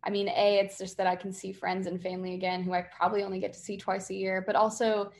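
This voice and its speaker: A woman's voice: mid-range voice, fast talker, creaky. Young songwriter woman from boston area, chatty, lots of likes and you knows, acts out little quotes. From Massachusetts, near Boston. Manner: chatty, many fillers, animated quoting. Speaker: singer-songwriter guest. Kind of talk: casual interview.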